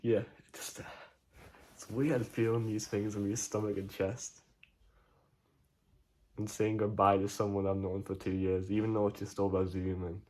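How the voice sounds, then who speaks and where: A man talking haltingly in a personal video diary from his own room, often searching for words. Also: on the low side, a little mellow. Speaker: vlogger.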